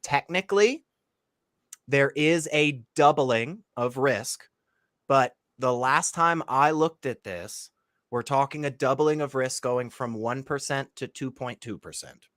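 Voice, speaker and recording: A man's voice: mid-range voice, a little slow, a bit bright, dry recording, studio quality. A man co-hosting a casual talk show, blunt and incredulous, laughing often as he argues. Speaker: co-host. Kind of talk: casual debate chat.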